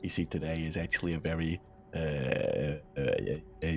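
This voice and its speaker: A man speaking in character in a roleplay game, laid-back and deadpan. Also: a bass voice, fairly quick.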